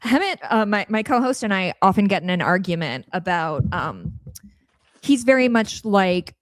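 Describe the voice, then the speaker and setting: A woman's voice: mid-range voice, expressive, moderate pace, no echo. Blunt woman podcast host, dry sound. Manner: blunt, self-described yeller, casual swearing. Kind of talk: conversational interview.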